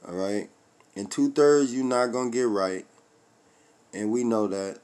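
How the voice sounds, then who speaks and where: A man delivers a fiery religious rant, reading scripture in an unhurried, clear and resonant voice. Profane and confrontational, he swings between loud outbursts and low muttering.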